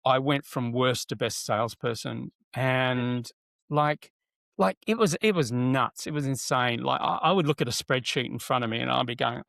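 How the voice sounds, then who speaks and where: A middle-aged man tells stories as an interview guest, with a gravelly edge to his voice. He talks animated and loose, full of fillers and restarts, and acts out what people said. The sound is close and dry. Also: medium pitch, moderate pace, no echo. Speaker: guest, NLP trainer. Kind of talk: casual conversational interview.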